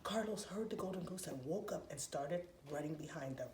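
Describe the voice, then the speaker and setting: A woman telling a story to preschoolers in an expressive, playful, sing-song way. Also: low-pitched, normal speed, background noise. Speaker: children's storyteller. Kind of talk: animated preschool story time. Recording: roomy echoey room, faint ambience.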